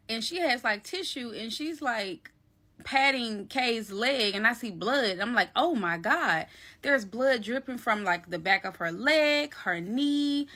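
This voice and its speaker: A woman telling a personal story to her viewers in a casual, animated, slangy way, calling them y'all and baby. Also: on the high side. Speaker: storyteller recounting a personal event.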